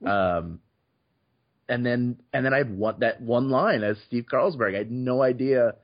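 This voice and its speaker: A man's voice: medium pitch, measured pace. A man, a podcast host, telling stories in casual chat, with frequent restarts and repeated words. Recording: slightly muffled audio.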